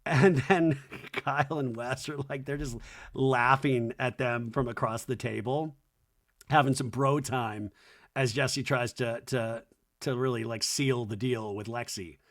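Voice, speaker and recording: A man with a mid-range voice and fairly even intonation hosts a comedy podcast, taking his time. He recaps a reality show with campy sarcasm, acting out the cast members' lines in quotes.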